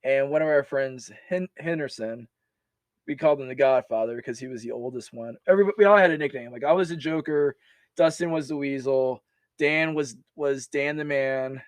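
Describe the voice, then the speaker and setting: A man telling stories from his army service in a casual, animated way, laughing often and restarting his sentences. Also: mid-range voice, normal speed, no room sound. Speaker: podcast guest, army veteran. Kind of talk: casual storytelling.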